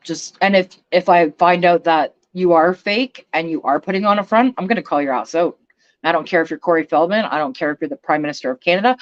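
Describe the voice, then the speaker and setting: A woman's voice: lowish voice, muffled recording. Blunt, swearing woman ranting on a stream. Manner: blunt, profane, emphatic. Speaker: vlogger. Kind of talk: casual livestream rant.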